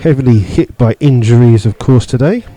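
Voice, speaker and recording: A man giving live radio football commentary from the stand, steady play-by-play with many fillers, rising sharply when he disputes a call. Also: mid-range voice, moderate pace, rough recording. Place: stadium stand among fans.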